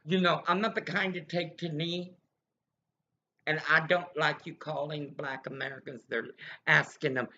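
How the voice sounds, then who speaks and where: A woman's voice: sits low, a little slow, pushed and bright, dull audio. A woman ranting angrily and bitterly in a rambling monologue that jumps between accusations.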